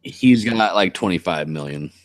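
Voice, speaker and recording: A man's voice: low voice, animated, normal speed, no room sound, clean studio sound. A man with a West Coast American accent chatting casually on a live stream as the channel host, blunt, rambling and cursing freely.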